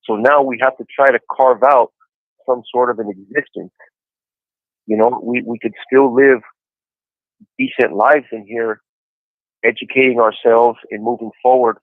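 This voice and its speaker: A man's voice: medium pitch, steady tone, a little slow, long pauses, no room sound. A man in his forties calling in to a podcast, chatting casually and telling his story in an easygoing way with lots of "you know". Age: 40s. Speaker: incarcerated caller on a podcast. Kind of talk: casual phone chat. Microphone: phone handset. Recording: tinny prison phone line.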